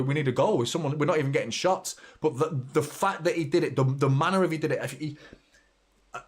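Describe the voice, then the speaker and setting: A man's voice: mid-range voice, slightly rough. A man in his thirties from the UK hosting a live football watchalong, blunt and sweary, reacting to the play and chatting to viewers. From United Kingdom. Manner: blunt, sweary, excitable when play heats up. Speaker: host of a fan watchalong. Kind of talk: live match reaction and chat.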